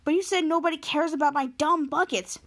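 A woman's voice: high-pitched, brisk, a bit bright. A woman quoting a quirky, earnest teenage boy. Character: quirky teenage boy who collects buckets.

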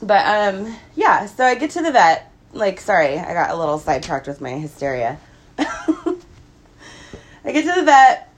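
A woman's voice: medium pitch, big pitch swings, moderate pace, few pauses. A woman in her thirties, sick with a cold and sniffly, telling a stressful story in a casual vlog, profane and rambling, laughing through it. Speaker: vlogger.

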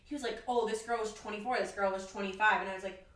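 A woman's voice: mid-range voice, steady tone, quick pace, fairly bright tone, roomy sound, far from the mic, low-quality recording. A young woman co-hosting a podcast, telling a date story in casual chat and acting out both sides of the conversation. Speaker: podcast co-host.

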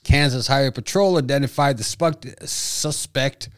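A man's voice: mid-range voice, unhurried. A man co-hosting a podcast, trading crude jokes and reading news stories aloud. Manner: profane, jokey, reads news stories aloud. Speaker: podcast co-host. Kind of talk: crude comedic banter.

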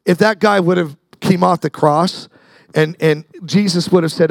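A man's voice: sits high, normal speed, creaky, no room sound. A man preaching a sermon as pastor, talking conversationally, repeating words and acting out the people in his story.

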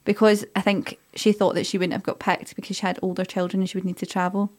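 A woman, co-hosting a podcast and chatting casually in animated, storytelling fashion. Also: medium pitch, quick pace. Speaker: podcast co-host. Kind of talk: casual chat.

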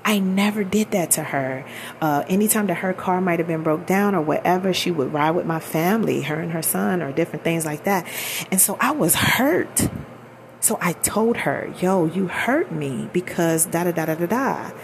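A woman in her thirties speaks low, with a gravelly fry running through her words. She tells her own story candidly and emphatically, in loose everyday speech, with a faint hiss behind her. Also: moderate pace. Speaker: vlogger. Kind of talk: personal storytelling.

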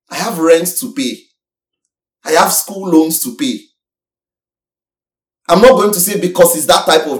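A young man from Nigeria, preaching a sermon in an animated, exhorting way with sudden swings in pitch and loudness. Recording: roomy echo, mic from far off.

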